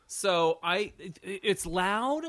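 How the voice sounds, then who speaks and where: Bright-voiced chatty man telling stories. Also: high-pitched, lively intonation, extremely slow. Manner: chatty storyteller, laughs easily. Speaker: podcast co-host. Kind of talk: casual chat.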